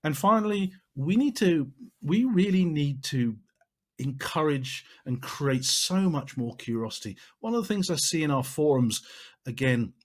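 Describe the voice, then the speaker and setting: A man's voice: on the high side, animated, measured pace. A man giving a marketing training talk, emphatic and repeating phrases for stress.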